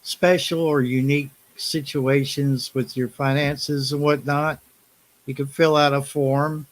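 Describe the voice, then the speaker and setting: A man's voice: mid-range voice, flat delivery, a little slow, low-quality recording. A man on a casual live-stream chat who explains things step by step in a practical way.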